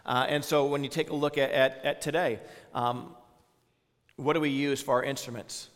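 Southern pastor in a reverberant church. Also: male voice, mid-range voice, fairly even intonation, moderate pace. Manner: conversational, many fillers, asks the congregation questions. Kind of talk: informal sermon to a congregation.

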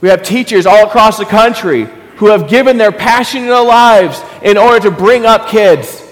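Male pastor, fervent sermon delivery with repeated questions, higher voice, echoing church hall. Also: normal speed. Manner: impassioned, repeats rhetorical questions. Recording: reverberant hall.

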